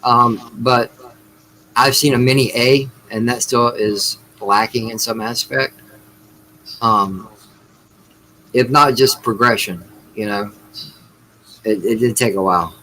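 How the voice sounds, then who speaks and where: A man's voice: medium pitch, takes it slowly, pauses often, bright, forceful tone, slight background noise, poor audio. A man co-hosting a casual movie review chat, joking and sarcastic, swearing freely. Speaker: podcast co-host.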